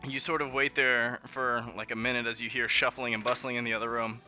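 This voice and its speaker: Bright-voiced game master, narrating. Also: male voice, medium pitch, flat delivery, fairly quick. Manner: rambling and giggly, full of fillers. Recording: muffled lo-fi with faint music.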